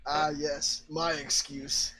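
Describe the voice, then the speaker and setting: Joking male player, somewhat high voice. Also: little pitch movement, slow, a crowd in the background. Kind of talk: describing his character's actions in a tabletop game.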